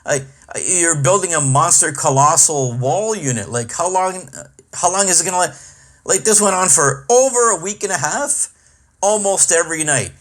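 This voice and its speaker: A man's voice: a little high, expressive, normal speed, fairly bright tone. Profane, exasperated ranting man. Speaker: podcast host and comedian. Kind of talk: comic rant monologue.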